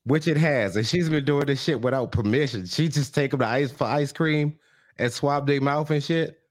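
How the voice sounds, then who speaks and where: A man's voice: medium pitch, moderate pace, no room sound, clean studio sound. A man co-hosting a casual podcast, reacting with blunt, laid-back comments and casual swearing. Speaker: podcast co-host. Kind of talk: casual chat.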